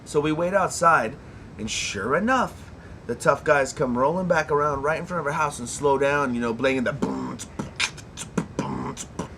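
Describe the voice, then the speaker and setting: A man's voice: a little high, normal speed, vocal fry, noisy background. A man hosting a casual podcast, telling a rambling, profane story and laughing often. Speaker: podcast host.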